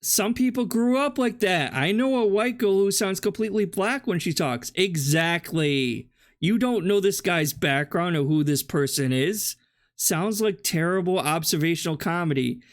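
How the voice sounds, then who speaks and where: A man with a notably high voice mocks the clip he is reacting to. His sarcastic, combative commentary is laced with swearing. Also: animated, normal speed. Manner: mocking, combative, swears a lot. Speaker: reaction channel host.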